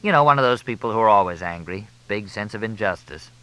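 Ein Mann als nüchterne, große Masseurin. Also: male voice, on the low side, animated, quick pace, pushed and bright, clean tone, rough recording. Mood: uneasy. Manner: matter-of-fact, chatty storytelling. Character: big blonde female masseuse, plain-spoken, uneasy.

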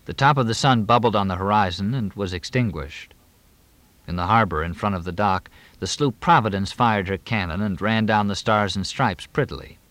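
With a fairly low-pitched voice and no room sound, a man performs scripted audiobook narration. His delivery is measured and expressive, like a storyteller's.

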